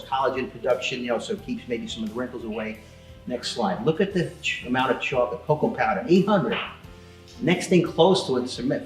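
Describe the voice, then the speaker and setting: A man presents a seminar from slides in a loose, conversational way, stopping to quiz the audience. His voice sits at a middle pitch and rings out in an echoey hall. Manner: casual, chatty, quizzes the audience. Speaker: seminar speaker. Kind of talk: live seminar talk with slides.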